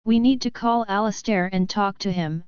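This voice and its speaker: A man's voice: high-pitched, moderate pace, smooth, no room sound, lo-fi sound, close to an everyday voice. A woman voicing a hot-tempered, loyal young male werewolf, in an urgent, protective way, in an audiobook.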